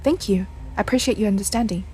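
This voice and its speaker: Streamer woman reading a haunted young woman from a game, earnest, pleading, mid-pitched voice. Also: quick pace, a little mellow, slight background noise, natural voice. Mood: apologetic. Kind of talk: reading game dialogue aloud.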